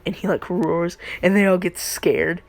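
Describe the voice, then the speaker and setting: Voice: mid-range voice, fairly even intonation, unhurried, vocal fry, no echo. A storyteller rambling casually through a fan story, full of "like," laughing at their own jokes.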